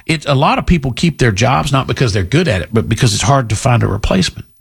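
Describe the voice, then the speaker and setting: A man's voice: mid-range voice, animated, fast talker, creaky, husky. A middle-aged man hosting a talk radio show, delivering a blunt, combative, opinionated monologue.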